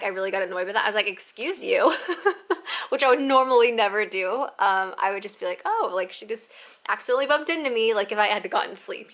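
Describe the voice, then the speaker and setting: A woman's voice: medium pitch, sharp tone. A young woman vlogging to camera in a rambling, chatty way, full of "like". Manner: rambling, chatty, says "like" constantly. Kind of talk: casual storytelling vlog.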